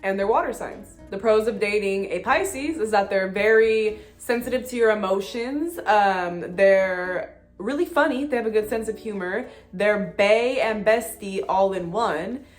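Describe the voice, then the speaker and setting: Excitable slangy young woman vlogger. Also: medium pitch, unhurried. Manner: excitable, slangy and profane, with frequent "like" fillers. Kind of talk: casual chat to camera. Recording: faint music behind.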